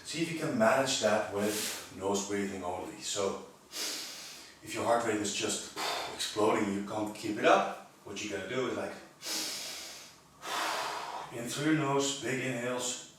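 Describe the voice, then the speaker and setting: A man leading a physiotherapy workout, explaining each movement and counting reps in a calm, encouraging way. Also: fairly low pitch, unhurried, long pauses, slight background noise. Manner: calm, encouraging, demonstrates while talking. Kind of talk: exercise instruction, counting reps. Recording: echoey room, voice from a distance.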